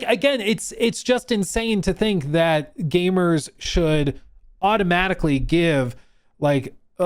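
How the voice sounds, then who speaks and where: A man's voice: on the high side, darkish tone. A man streaming live, ranting through reaction commentary with emphatic repetition. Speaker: streamer and host.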